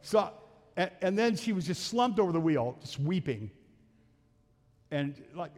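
A man's voice: high-pitched, very animated, measured pace, pauses often, darkish tone. A middle-aged man, a pastor, telling a family story in a folksy sermon and acting out the voices. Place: church sanctuary. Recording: reverberant church hall with faint music.

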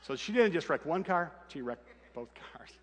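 A man's voice: fairly high pitch, normal speed, breathy edge, in a large hall. A middle-aged man, a pastor, telling a humorous family story in a sermon, acting out the voices. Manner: animated, humorous anecdote with acted quotes.

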